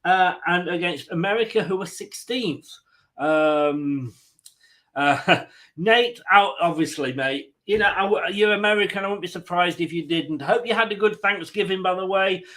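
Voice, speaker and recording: A man's voice: high voice, moderate pace, a bit bright, low-quality recording. An English man hosting a football watchalong stream, chatting casually, joking and greeting viewers by name. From England. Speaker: host of a football watchalong livestream. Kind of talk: casual chat reading viewers' comments.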